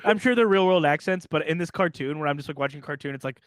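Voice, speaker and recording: A young man co-hosting a casual chat, relaxed and enthusiastic with easy chuckles. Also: on the high side, quick pace, clean tone, no room sound. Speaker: podcast co-host.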